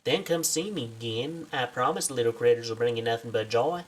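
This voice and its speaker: A man voicing a chipper female field researcher in a put-on Southern accent, reading game lines aloud in a high, sing-song, gushing way. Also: a little fast, distant mic, lightly acted.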